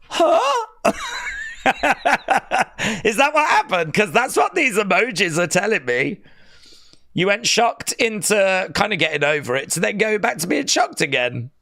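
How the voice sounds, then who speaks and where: Gravelly, lively streamer chatting. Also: male voice, sits high. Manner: chatty, sarcastic, reads chat aloud. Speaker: watch-along streamer. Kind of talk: casual live reaction chat.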